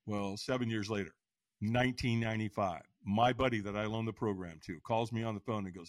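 Speaking a little fast in a lowish voice with no echo, this sixty-something podcast guest, who teaches firewalking, animatedly recounts his life. He laughs a lot and performs the voices of the people he quotes.

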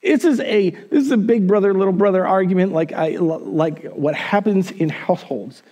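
A man's voice: high-pitched, normal speed, dark tone, muffled recording. A male pastor telling a Bible story in a casual, conversational sermon with humorous asides. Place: church.

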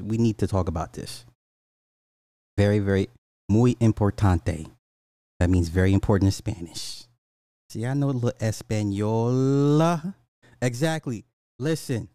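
A man from Illinois, a podcast host, ranting casually in a profane, laughing, animated way. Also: medium pitch, no room sound. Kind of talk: casual comedic rant.

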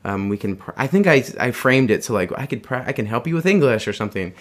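A man's voice: mid-range voice, very animated, quick pace. Guy rambling thru a story, laughs a lot, lots of restarts. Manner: rambling, laughing often, acts out voices in quotes. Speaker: guest telling a story. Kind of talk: casual storytelling chat.

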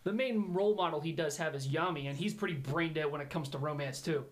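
A man co-hosting a podcast, excitable and animated as he recounts scenes in casual chat. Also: on the high side, fast. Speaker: podcast co-host.

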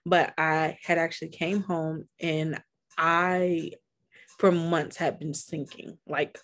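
A young woman co-hosting a podcast, casually telling a personal story with frequent laughs, fillers and speech. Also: low-pitched. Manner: laughing often, many fillers, candid. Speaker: podcast co-host.

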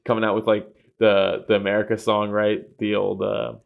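Excitable laughing man talking fights. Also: on the low side, normal speed, vocal fry, phone-quality sound. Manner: excitable, laughs often, swears freely. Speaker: podcast co-host. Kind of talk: casual sports chat.

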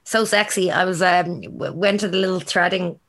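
A young Irish woman co-hosting a dating podcast in a casual, rambling chat, a little raspy after a night out and laughing often. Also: lowish voice, moderate pace, a bit bright. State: slightly raspy and hungover. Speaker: podcast co-host.

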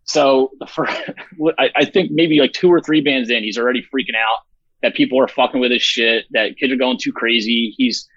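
A man's voice: medium pitch, fairly even intonation, moderate pace, fairly bright tone, no room sound, highs cut off. A man who organizes a festival, talking bluntly and with lots of swearing in a rambling, casual interview. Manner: profane, blunt, rambling with fillers.

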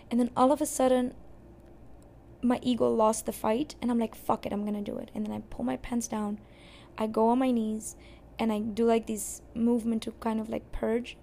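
A young adult woman hosting a podcast, candidly telling a personal story in a casual, expressive way and cursing now and then. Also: a little high, creaky, slight background noise. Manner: candid and expressive, swears and laughs at herself. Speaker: podcast host.

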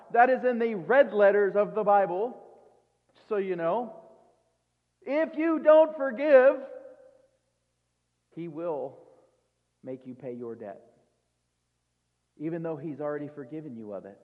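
High-voiced preacher in an echoing hall. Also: male voice. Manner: conversational, with quick asides and rhetorical questions. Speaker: pastor. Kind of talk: sermon. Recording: tinny phone-like sound in a reverberant hall.

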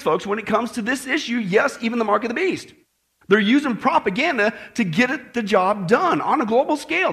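Animated high-voiced male preacher. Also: gravelly. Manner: animated preaching, acts out quoted voices, frequent "okay" and "right". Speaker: pastor. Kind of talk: sermon. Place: church in Las Vegas.

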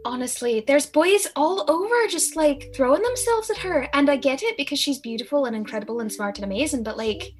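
A woman playing a tabletop game, chatty and excitable. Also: high-pitched, brisk, few pauses. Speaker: player. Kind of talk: casual game chat.

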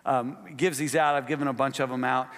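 A man preaching a sermon as pastor to a church congregation, swinging between emphatic, raised exhortations and quieter asides with fillers. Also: mid-range voice, level tone, fast. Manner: impassioned, rising to emphatic peaks, frequent fillers in asides. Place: church sanctuary. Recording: long reverb of a large hall.

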